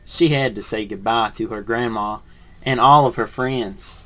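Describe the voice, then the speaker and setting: A man, a teacher in training, reads a picture book aloud with lively rises on the punchlines, then reviews it softly and hesitantly. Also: lowish voice, a little slow. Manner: lively storybook reading, rising on punchlines, then soft and hesitant when reviewing.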